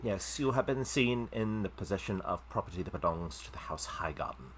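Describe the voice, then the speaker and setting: A man narrating as game master of a live tabletop game, describing scenes in an unhurried way with fillers. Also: sits low, lively intonation, a bit bright, slight background noise.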